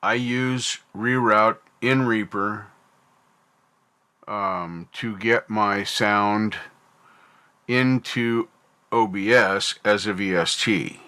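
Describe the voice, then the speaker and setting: A man's voice: lowish voice, extremely slow, long pauses, pushed and bright, smooth. A North American man hosting a livestream, rambling casually and thinking aloud while he answers his chat. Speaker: livestream host.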